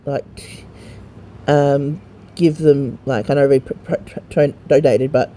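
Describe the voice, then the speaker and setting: A man's voice: mid-range voice, fairly even intonation, slow pace, warm tone, a little hiss or hum. A man casually walking a friend through a mobile game, rambling and hesitant with lots of ums and restarts, and swearing now and then. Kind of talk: casual gameplay walkthrough.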